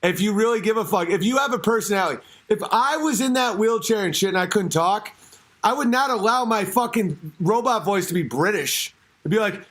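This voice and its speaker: A man hosting his own show, ranting in a profane, rambling, animated comedic monologue. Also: high voice, brisk. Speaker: show host. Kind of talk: comedic podcast rant.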